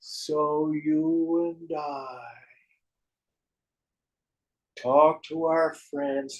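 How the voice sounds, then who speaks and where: A man's voice: on the high side, fairly even intonation, drawn-out words, pauses often, low-quality recording. A man teaching a class on spiritual verses, telling stories in a wry, joking way.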